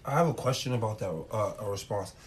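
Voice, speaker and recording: A man's voice: fairly low pitch, fast, a little hiss or hum. A man co-hosting a podcast, agreeing often and adding short remarks in a casual chat. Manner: agreeable, brief backchannels. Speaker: podcast co-host, basketball referee.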